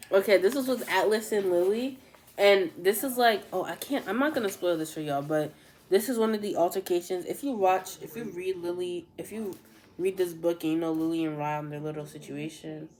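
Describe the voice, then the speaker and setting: A woman's voice: on the low side, moderate pace, slight background noise. A young woman chatting casually to her camera at home, gushing about a book with lots of "like" and "literally.". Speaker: vlogger.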